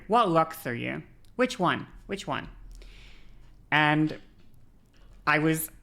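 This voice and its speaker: A woman's voice: deep voice, vocal fry, fairly bright tone. A woman streamer chatting casually, going off on a long tangent and checking in with "okay?" and "you know?" often. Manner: tangent-prone, frequent fillers and check-ins. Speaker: game streamer. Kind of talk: rambling casual stream chat.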